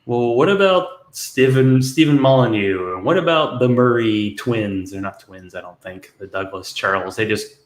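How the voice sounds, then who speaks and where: A man co-hosting a casual podcast, rambling and hedging, with soft laughs. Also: mid-range voice, animated, normal speed, few pauses. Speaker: podcast co-host. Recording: echoey room.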